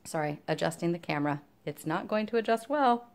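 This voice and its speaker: Lady vlogger rambling about her cross stitch, lowish voice w some vocal fry, lots of ums. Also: lively intonation, fairly quick, very noisy. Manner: chatty and rambling, many fillers; talks to her dog between topics. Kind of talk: casual show-and-tell chat.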